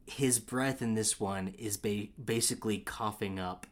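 A man co-hosting a casual film chat, excitable and rambling, with lots of fillers and restarts. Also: lowish voice, measured pace. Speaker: podcast co-host.

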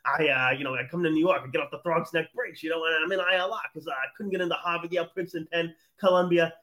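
A brash young college kid from Long Island swaggers through his lines, as a man puts him on. He drawls with cocky ease and keeps throwing in "man", his tone bright and a bit raised. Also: on the high side, steady tone, fast, pitched above the performer's own voice.

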